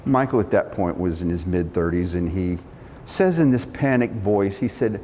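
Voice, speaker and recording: A middle-aged man telling a story from his working life, animated, acting out the quotes. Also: normal speed. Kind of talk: storytelling talk. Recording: long reverb of a hall, faint rumble.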